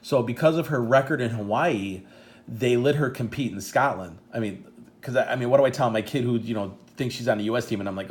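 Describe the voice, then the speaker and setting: A man's voice: mid-range voice, fairly quick. A middle-aged man with a Midwestern American accent, chatting as a vlog host, rambling and stumbling with emotion. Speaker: channel host and proud dad. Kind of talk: casual chat showing photos.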